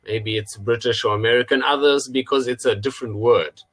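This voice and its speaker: Bright-voiced male English tutor on a video call. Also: mid-range voice, steady tone. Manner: patient, repeats words slowly for the student. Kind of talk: online pronunciation lesson.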